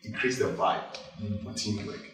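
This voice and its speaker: A man giving an animated workshop talk, laughing and acting out office dialogue as he goes. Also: normal speed, faint music behind. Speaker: workshop speaker. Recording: echoey hall, mic far off.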